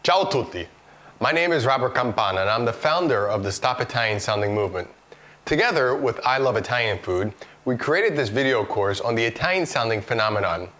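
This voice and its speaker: A man's voice: medium pitch, lively intonation, a little fast, fairly bright tone. A man presenting a video lesson, explaining product examples one by one in a scripted, instructive way. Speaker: course instructor.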